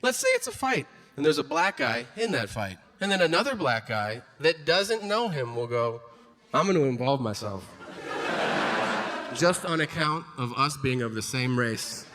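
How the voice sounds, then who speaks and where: A man performing a stand-up comedy set, telling stories and acting out other people's voices and shouts. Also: fairly high pitch, moderate pace. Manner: animated storytelling, acts out voices and shouts. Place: comedy stage before a live audience. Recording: live room with audience noise.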